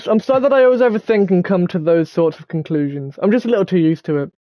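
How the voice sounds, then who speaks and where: A man's voice: sits high, fast talker, no echo, highs cut off, natural voice. A young man reading the lines of a shy bookish teenage girl from a visual novel in his own plain voice. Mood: earnest. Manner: reading game dialogue aloud flatly.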